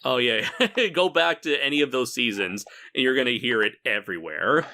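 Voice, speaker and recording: A man's voice: medium pitch, animated, normal speed, pushed and bright. A man hosting a casual group review, talking hesitantly with many fillers and restarts.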